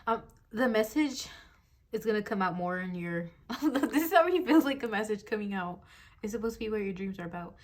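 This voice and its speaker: A woman's voice: medium pitch, expressive, a little fast. Young woman in her twenties, casual tarot reader, giggly, rambling, filler-heavy, phone on a desk mount. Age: 20s.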